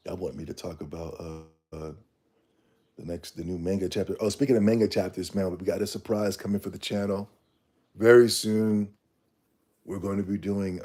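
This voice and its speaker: A man's voice: deep voice, warm tone. A man hosting a casual livestream, ranting bluntly in slangy talk and reading the chat. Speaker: streamer.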